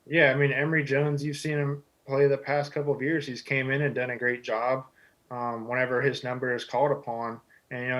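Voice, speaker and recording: A man's voice: mid-range voice, a bit bright, rough recording. A man in his twenties from Texas, a quarterback answering interview questions in an easygoing, humble way with many "you know" fillers. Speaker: guest, football quarterback.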